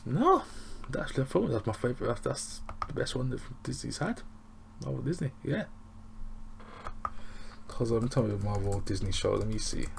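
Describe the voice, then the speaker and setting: A man's voice: medium pitch, sing-song, moderate pace, creaky, pauses often, slight background noise. An English man reviewing a show in a loose, rambling, chatty way. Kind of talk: casual review chat.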